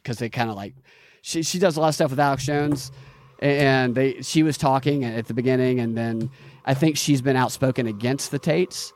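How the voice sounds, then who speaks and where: A man hosting a podcast in casual chat, rambling and swearing, with many halting restarts. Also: medium pitch, darkish tone, slight background noise. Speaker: podcast host.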